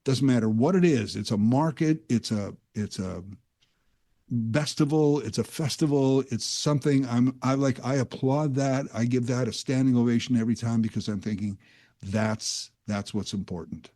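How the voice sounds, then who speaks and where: Mellow-voiced man rambling on radio. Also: medium pitch, moderate pace. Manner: rambling, self-aware storyteller. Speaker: guest radio host. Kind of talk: casual talk-radio monologue.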